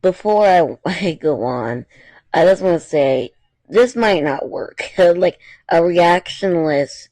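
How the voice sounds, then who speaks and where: A man's voice: on the high side, a little mellow, dry recording. A man reading fan fiction aloud, with chatty, apologetic asides between the passages.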